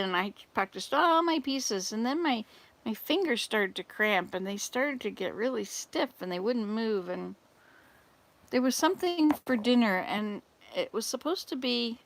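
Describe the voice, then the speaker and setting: Speaking from an RV at a summer camp, an older volunteer missionary chats on a casual livestream, rambling, cracking jokes and addressing her viewers. Her woman's voice is a little high and a bit bright, with vocal fry.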